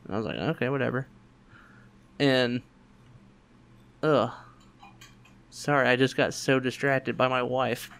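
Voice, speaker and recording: A young man hosting a podcast, telling a work story in a quick, animated way and acting out other people's lines. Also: medium pitch. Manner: quick, animated anecdote-telling with voiced quotes. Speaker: podcast host. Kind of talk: casual storytelling chat.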